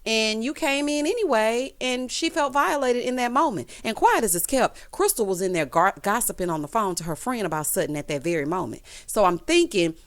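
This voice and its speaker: A woman's voice: a little high, a little fast, few pauses. A woman giving casual, sassy recap commentary on a reality TV episode, calling viewers honey and y'all. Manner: sassy, animated, quotes others in voices.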